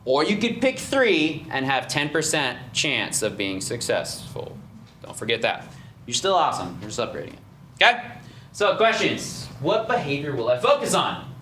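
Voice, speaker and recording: A man's voice: fairly high pitch, huge pitch swings, moderate pace, pushed and bright, slight background noise. Upbeat man coaching in a roomy studio. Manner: upbeat, encouraging, many "right?" and "okay?" checks. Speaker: fitness trainer leading a nutrition seminar. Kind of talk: casual seminar talk. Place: fitness studio seminar room.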